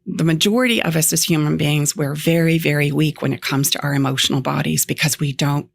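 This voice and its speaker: A woman relationship coach explaining her method in an animated, emphatic way, often acting out lines she would say. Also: low voice, a little fast, vocal fry, slight background noise. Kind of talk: guest explaining on a talk show.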